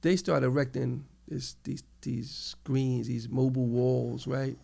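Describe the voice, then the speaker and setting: A middle-aged man with a New York accent, telling his story as an interview guest in an animated, casual way, acting out the people he quotes. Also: mid-range voice, a little slow, vocal fry.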